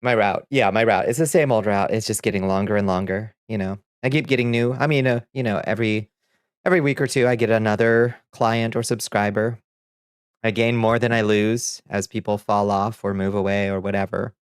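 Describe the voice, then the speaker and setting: A relaxed man streaming live, talking loosely with his chat and laughing easily between remarks. His voice sits on the low side, recorded close and dry with almost no room sound. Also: smooth, dry recording. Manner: laid-back, chuckles often, greets chat by name. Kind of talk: casual livestream chat.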